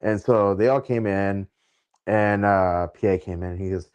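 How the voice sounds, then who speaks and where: Deep-voiced laid-back male host. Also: fairly even intonation, darkish tone, clear, resonant tone. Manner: easygoing, laughs readily, halting fillers. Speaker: interview host. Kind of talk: casual interview chat.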